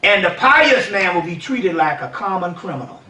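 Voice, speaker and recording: A man delivers a seminar lecture in a lively, conversational way, often asking the audience if they follow. His voice sits high and sounds bright and sharp. The recording is roomy, and the mic is set back from him. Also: normal speed, distant mic. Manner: animated, keeps asking "you see what I'm saying".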